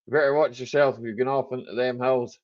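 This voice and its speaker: A man's voice: mid-range voice, steady tone, fast talker, dull audio. A man hosting a casual live chat stream, joking and laughing a lot as he answers viewers. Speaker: livestream host.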